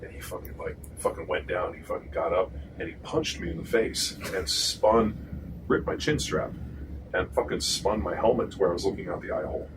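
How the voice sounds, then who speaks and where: A man, a former pro football lineman and podcast host, telling profane, animated stories in casual chat. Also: sits low, a little fast. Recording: distant mic with noisy room.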